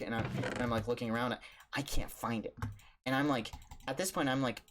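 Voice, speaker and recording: A man who streams, telling a jokey story in a casual, animated way, stumbling over restarts and acting out the voices in his story. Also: medium pitch, quick pace, a little hiss or hum. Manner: animated, jokey, with stammered restarts and acted-out quotes.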